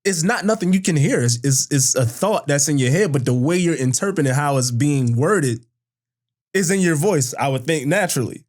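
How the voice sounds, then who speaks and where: A man's voice: a little high, expressive, normal speed, darkish tone. Easygoing, reflective podcast co-host man. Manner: easygoing, reflective, reads questions aloud. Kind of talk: casual podcast chat.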